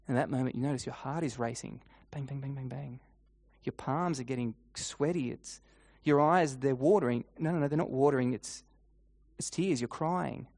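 A man preaching a sermon as a guided imaginative story in the second person, swinging between loud and hushed lines and repeating a refrain. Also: mid-range voice. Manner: repeats refrain, halting restarts.

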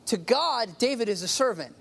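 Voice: mid-range voice, expressive, moderate pace, creaky, a bit bright. Conversational preacher stressing key words. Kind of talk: sermon with Bible reading.

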